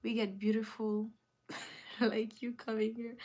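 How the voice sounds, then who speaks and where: Slow-talking woman hosting a live stream. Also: on the high side, flat delivery. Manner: emphatic, repeats phrases, drawn-out delivery. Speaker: live-stream host answering viewer comments. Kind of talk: casual live-stream chat.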